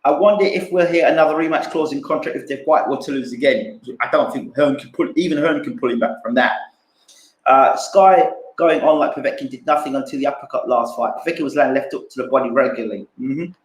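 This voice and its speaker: A man's voice: medium pitch, fast, reverberant, low-quality recording. A man giving casual boxing fight analysis, repeating himself and acting out punches with sound words. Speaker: boxing pundit streamer.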